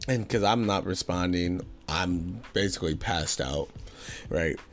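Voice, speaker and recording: A young man telling a story from his own life in a casual, animated way, swearing often and using slang. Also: low voice, a little slow, soft background music. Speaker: podcast host.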